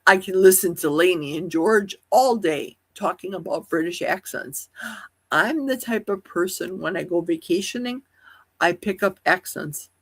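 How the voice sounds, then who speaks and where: Woman livestream host, husky high voice, rambling musings full of rhetorical questions. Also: measured pace. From Wisconsin. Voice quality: high, youthful-sounding voice. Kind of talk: casual solo livestream chat. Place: at home in a forest.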